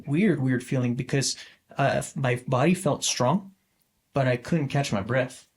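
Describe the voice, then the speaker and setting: A man in his forties, a podcast guest, tells his story in a halting, meandering way full of ums and restarts. His voice sits at an ordinary middle pitch for a man. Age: 40s. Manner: rambling, halting, many fillers and restarts. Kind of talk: casual storytelling interview.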